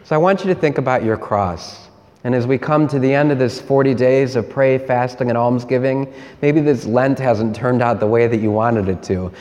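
A male priest delivers a sermon at a slow, measured pace, coming back again and again to short refrains. His voice sits at an ordinary middle pitch. It carries a long reverb, like a church hall. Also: darkish tone.

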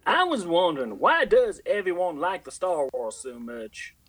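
A man's voice: high-pitched, very animated, moderate pace, fairly bright tone, slightly rough, heavily acted. A man voicing a cheerful young southern woman with an exaggerated drawl. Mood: curious. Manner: exaggerated hick drawl with yee-hollers.

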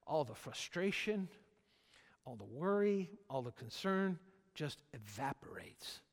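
Middle-aged male pastor, slightly high voice, emphatic and repetitive, church hall with long reverb. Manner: animated, emphatic with repetitions and jokes. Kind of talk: sermon. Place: church service.

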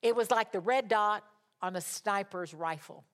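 A woman preaching a sermon, rising to loud, impassioned declarations and dropping to soft, chatty asides. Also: mid-range voice, normal speed.

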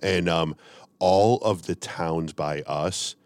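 A man's voice: low voice, takes it slowly, darkish tone, no echo, studio quality. A man from the Chicago area, a firefighter hosting a casual podcast chat, laid-back and laughing often.

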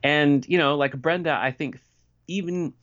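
A man's voice: a little high, a little slow, a bit bright, muffled recording. A man in his forties co-hosting a podcast, chatting casually about a TV episode and leaning on lots of "like" and "you know". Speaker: podcast co-host. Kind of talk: casual TV recap chat.

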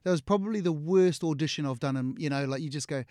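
A man's voice: a little high, racing, few pauses, dry recording, clean studio sound. A middle-aged man with a New Zealand accent, an actor being interviewed, telling casual stories and acting out what people said, laughing often. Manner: animated, acts out quotes, laughs often. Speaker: actor, guest.

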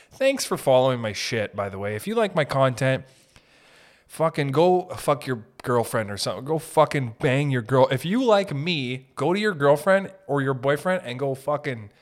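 A man with a Boston accent rants his way through an unscripted solo podcast. He swears constantly and breaks into loose comedic tangents, with a voice of middling pitch. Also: animated, moderate pace. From Boston area. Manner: crude, ranting, lots of swearing and laughing asides. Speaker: podcast host. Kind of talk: unscripted profane comedic monologue.

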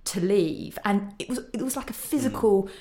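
A woman's voice: a little high, steady tone, fast talker, dark tone. A young woman hosting a podcast discussion, talking conversationally with many "you know" fillers. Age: young adult. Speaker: podcast host.

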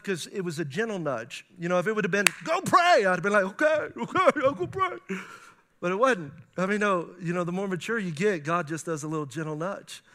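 Animated high-voiced male pastor preaching. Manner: animated preaching with playful asides and laughs. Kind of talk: sermon. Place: church before a congregation.

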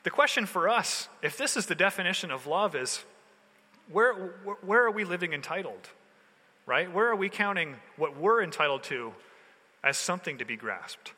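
A man's voice: high voice, animated, normal speed, bright, forceful tone. A male pastor giving a sermon in a loose, conversational way, full of everyday slang. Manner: casual, conversational preaching with slang. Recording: long hall reverb.

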